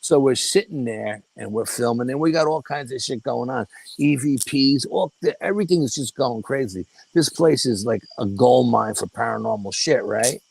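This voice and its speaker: Older man with a gravelly voice. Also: medium pitch, moderate pace, poor audio. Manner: animated, profane, acts out quoted dialogue. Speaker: guest paranormal investigator. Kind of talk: casual storytelling interview.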